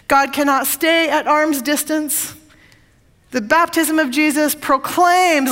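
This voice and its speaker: High-voiced woman preaching in a reverberant church. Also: steady tone, takes it slowly, a bit bright. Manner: emphatic, repeats phrases for effect. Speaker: pastor. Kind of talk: sermon.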